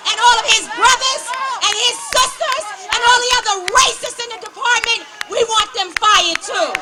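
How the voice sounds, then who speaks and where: A woman giving an impassioned protest speech at a rally, shouting slogans in a rousing cadence. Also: very high-pitched, normal speed, a faint crowd. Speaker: rally speaker.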